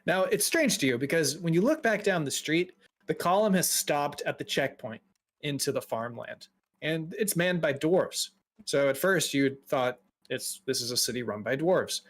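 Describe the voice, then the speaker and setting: A man narrating a tabletop game as game master, relaxed and descriptive. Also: on the high side, moderate pace. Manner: relaxed, laughs often, descriptive.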